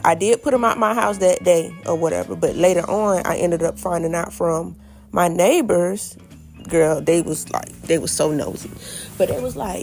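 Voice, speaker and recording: Gravelly woman telling a storytime. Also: fairly low pitch. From Florida. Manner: animated, addresses viewers as y'all, acts out quotes. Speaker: vlogger. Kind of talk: storytime vlog, casual chat.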